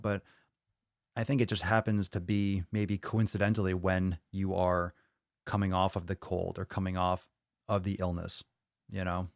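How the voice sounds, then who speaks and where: A man's voice: fairly low pitch, dry recording, studio quality. An American man hosting a live-streamed fitness podcast, chatting casually with viewers, cursing freely and repeating his phrases. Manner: profane, hyped, repeats phrases. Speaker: podcast host.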